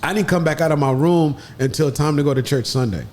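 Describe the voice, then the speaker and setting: A man with a slightly higher voice tells a story with lots of animation, swinging his pitch as he acts out the people in it. A faint low rumble sits under the recording. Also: quick pace. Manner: lively, acts out quoted voices with big pitch jumps. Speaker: podcast guest.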